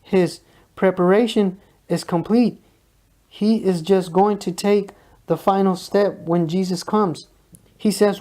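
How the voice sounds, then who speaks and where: Calm, mellow reader of spiritual teachings. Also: mid-range voice, takes it slowly. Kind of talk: read spiritual talk.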